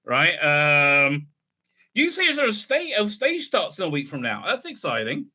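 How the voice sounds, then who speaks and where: A man's voice: a little high, huge pitch swings, measured pace, sharp tone. A man giving rambling, sarcastic solo commentary, full of fillers and restarts. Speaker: video commentator.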